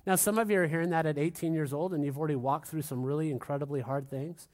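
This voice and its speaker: A man's voice: on the high side, fairly even intonation, fast, a little mellow. Middle-aged male pastor preaching emphatically. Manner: emphatic, repetitive, calls for amens from the congregation. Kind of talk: sermon. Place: church hall with a congregation.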